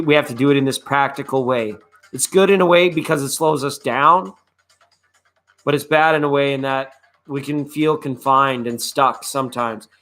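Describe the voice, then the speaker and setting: A man's voice: mid-range voice, a bit bright. A man hosting a live online tarot reading, chatting in a laid-back, rambling way and greeting viewers by name. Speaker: tarot reader and live show host.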